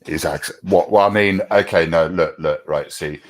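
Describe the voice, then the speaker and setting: A man's voice: low voice, moderate pace. A man with an English accent, chatting and joking casually on a group voice panel. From England. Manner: joking, chatty, laughs often. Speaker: panel speaker.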